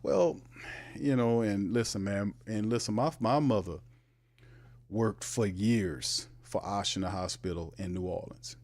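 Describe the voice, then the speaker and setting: A man hosting a casual live sports talk show, animated and emphatic, with sudden jumps in pitch.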